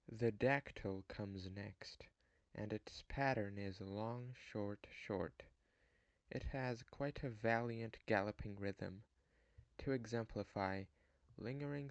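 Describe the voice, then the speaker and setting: A man giving a scripted lesson on poetic meter in a formal, measured and slightly stilted way. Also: on the low side. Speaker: poetry lecturer. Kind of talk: scripted narration.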